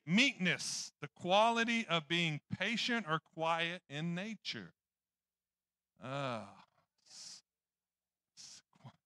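A man's voice: sits high, sharp tone, clear, resonant tone, dry recording. A man preaching a sermon in church, rambling and joking at his own expense. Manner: rambling, joking, self-deprecating.

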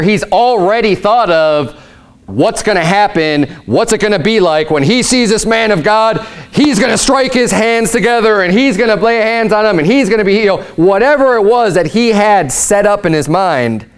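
Conversational male pastor preaching. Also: high voice. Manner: conversational, animated storytelling. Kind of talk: sermon.

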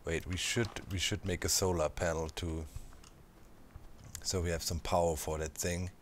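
A man hosting a gameplay channel, chatting casually and thinking out loud as he plays, throwing in little sound effects. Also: low voice, level tone, normal speed, slight background noise. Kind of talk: casual let's-play commentary.

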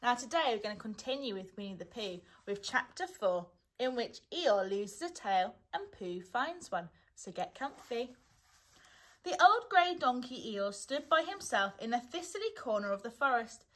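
Slow, bright-voiced woman reading a story. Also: a little high. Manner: gentle, unhurried storytelling with a lively lilt. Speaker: primary school teacher reading aloud. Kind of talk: children's storybook read-aloud.

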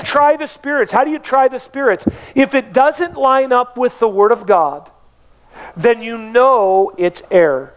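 A man preaching a sermon as pastor of a church, emphatic, with rhetorical questions to the congregation. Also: high voice.

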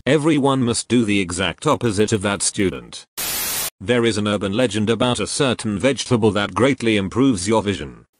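A man's voice: lowish voice, fairly quick, slight background noise. A man dubbing short comedy sketches, speaking every line in a stiff, overly wordy, formal way. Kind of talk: comedic dub of cartoon sketches.

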